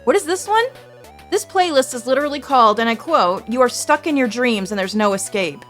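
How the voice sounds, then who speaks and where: A woman's voice: on the high side, expressive, fairly quick, fairly bright tone. A woman livestreamer in casual stream chat, rambling and anxious, poking fun at herself. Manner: rambling, anxious, self-deprecating. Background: faint background music.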